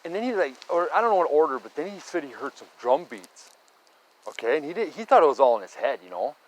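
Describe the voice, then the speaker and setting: A man's voice: on the high side, very animated, fast talker, rough recording. A middle-aged man casually telling a rambling story, often restarting and tagging lines with "right?" and "okay?". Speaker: storyteller recounting local sightings.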